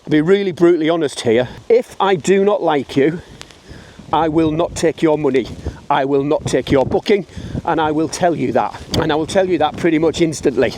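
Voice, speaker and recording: A man's voice: a little high, normal speed, darkish tone, slight background noise. A middle-aged man with a British English accent talking bluntly and chattily to camera while walking uphill outdoors, a little out of breath. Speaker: wedding photographer. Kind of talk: casual walking vlog to camera.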